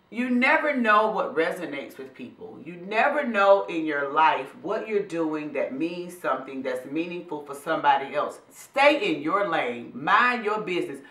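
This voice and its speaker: A woman vlog host who speaks professionally, giving a motivational talk to camera in a preachy, animated way. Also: lowish voice, moderate pace, hardly any pauses, reverberant. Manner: animated, preachy, addresses viewers as y'all and honey.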